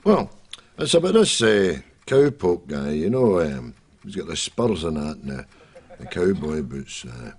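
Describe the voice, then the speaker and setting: A man's voice: sits low, sing-song, a little slow, a little mellow. An actor playing a cantankerous older Scottish man who rambles and argues, with a Scottish accent. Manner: rambling, argumentative, hesitant. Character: cantankerous old Scottish man, Jack, cowboy book fan.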